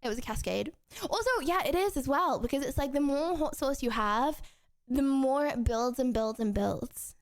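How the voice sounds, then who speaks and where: A young woman with a bright, high voice chats with her live viewers from home. She rambles, laughs easily and trips over her own sentences as she goes. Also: normal speed. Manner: chatty and rambling, with frequent restarts and giggles. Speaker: streamer. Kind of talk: casual chat with viewers.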